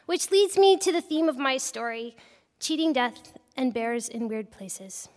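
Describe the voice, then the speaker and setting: A woman with a high, bright-pitched voice recounts her own misadventures with lively, self-deprecating humor. She speaks as a storyteller before a live audience. Her voice carries a long, lingering reverb from the hall. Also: a little slow. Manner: humorous, self-mocking, animated. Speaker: storyteller, wildlife biologist.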